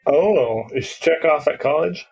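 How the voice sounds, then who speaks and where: A man's voice: fairly high pitch, measured pace, darkish tone, breathy edge, rough recording. A man playing in a tabletop role-playing game over a video call, playful and chuckling between remarks. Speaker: player. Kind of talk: casual table talk, joking.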